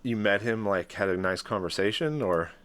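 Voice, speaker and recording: Low-voiced man hosting a podcast. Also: moderate pace, a bit bright. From California. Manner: friendly, asks questions, laughs along. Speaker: podcast host. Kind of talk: casual podcast chat.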